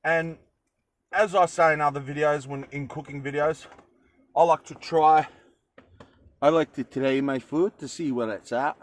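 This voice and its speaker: A young man with an Australian accent talks his way through a cooking session in a van. He rambles and cracks jokes as he goes, his voice sitting a little high for a man. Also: steady tone, unhurried, long pauses, low-quality recording. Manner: rambling, jokey, chatty asides. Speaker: cooking vlogger. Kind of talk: casual cooking chat. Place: van kitchen.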